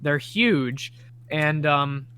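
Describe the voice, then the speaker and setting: A man's voice: a little high, extremely slow, sharp tone, clean tone. A man chatting on a gaming stream, stammering and playing up being wronged. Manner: defensive, stammering, mock-indignant. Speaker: gamer on stream. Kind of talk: casual chat on a gaming stream.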